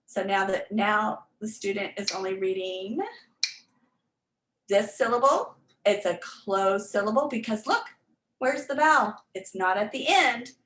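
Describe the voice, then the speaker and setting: A woman's voice: medium pitch, a bit bright. A woman literacy tutor giving an online workshop presentation, explaining step by step with frequent ums and restarts. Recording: echoey room.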